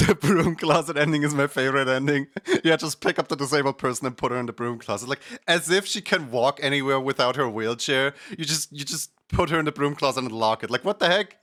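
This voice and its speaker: A man streaming, chatting casually in an animated, rambling way with lots of fillers and laughter. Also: mid-range voice, fairly quick, no room sound, studio quality.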